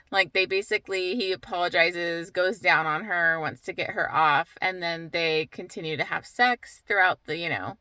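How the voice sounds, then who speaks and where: A woman's voice: fairly low pitch, pushed and bright, no echo, poor audio. A woman book vlogger at home, giving a candid, heated retelling of a novel in a casual reading vlog, with lots of "like.".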